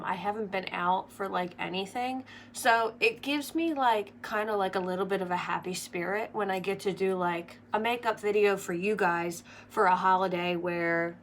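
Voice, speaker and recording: A woman's voice: medium pitch, a bit bright, a little hiss or hum. A young woman chatting casually through a makeup tutorial, rambling with lots of fillers. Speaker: makeup vlogger.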